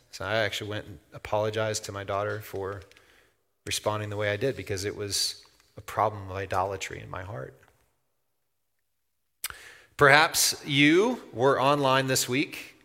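A middle-aged man preaching a sermon as a pastor, talking conversationally and then swelling into loud, emphatic outbursts. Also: lowish voice, gravelly. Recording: long hall reverb.

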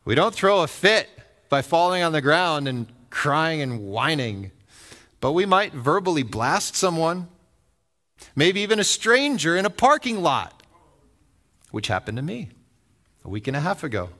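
A man's voice: a little high, unhurried, pauses often. A man preaching a sermon in a conversational way, telling stories, acting out the voices in them and asking his listeners questions. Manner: animated storytelling that acts out voices; conversational, asks the audience questions. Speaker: pastor.

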